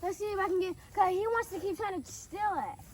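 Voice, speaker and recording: Very high voiced young woman calling goats over, bouncy pitch, farm noise around. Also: a little fast. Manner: excited, coaxing animals. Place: outdoors at a petting zoo.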